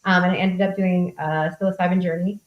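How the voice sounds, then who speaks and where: A woman's voice: on the low side, fairly even intonation, brisk, reverberant, dull audio. A woman coach speaking frankly and casually, answering questions at a group meetup, with casual swearing. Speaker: host and coach.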